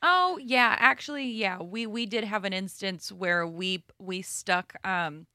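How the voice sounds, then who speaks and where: Chatty bright-voiced young-sounding woman. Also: medium pitch, a little slow, no echo, studio quality. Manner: chatty, lots of fillers. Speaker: podcast co-host. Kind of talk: casual comedic chat.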